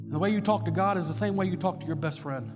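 A man preaching a sermon, telling a story with lively swings into shouting. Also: sits high, fast talker. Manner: animated storytelling, bursts into shouts. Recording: long hall reverb with loud music.

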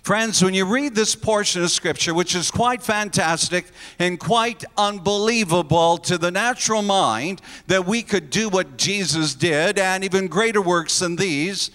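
High-pitched preacher guy, earnest and emphatic, voice ringing out with long reverb. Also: a little slow, fairly bright tone. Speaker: pastor. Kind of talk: sermon.

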